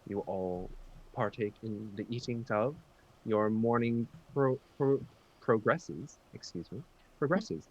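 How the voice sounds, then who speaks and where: A man with a fairly low voice narrates as game master. He keeps it loose and casual, stopping often to search for words while he describes the scene. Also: unhurried, muffled recording. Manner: relaxed, easygoing narration with frequent ums.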